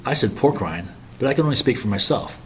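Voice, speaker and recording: A man reading a mocking young sailor who answers in a deadpan, sarcastic way. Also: medium pitch, fast talker, faint music behind, voice pushed up, natural voice. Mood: sly.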